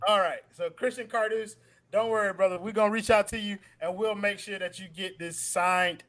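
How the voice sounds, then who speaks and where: A high-voiced man hosting a basketball postgame show. He talks loudly, jokes constantly and laughs through his lines. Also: fairly even intonation, normal speed. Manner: loud, joking, laughs a lot. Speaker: podcast host. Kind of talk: casual sports talk show.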